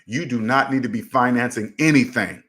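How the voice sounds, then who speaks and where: A man's voice: mid-range voice, a little fast, bright, forceful tone. A man hosting a personal finance channel, talking emphatically and repeating his points to drive them home. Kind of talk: casual commentary to camera.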